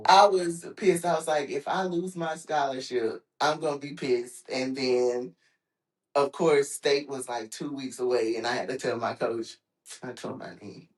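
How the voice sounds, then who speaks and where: A woman from Texas, a podcast guest, telling stories in a casual chat with frequent laughs and quoted voices. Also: unhurried. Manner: animated, laughs often, acts out quotes in a high voice. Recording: roomy echoing room.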